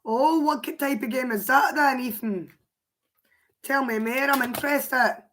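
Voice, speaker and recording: A Scottish woman with a hoarse, worn voice, chatting casually on a livestream and answering her viewers' comments aloud. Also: sits high, measured pace, a bit bright. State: hoarse, voice mostly gone.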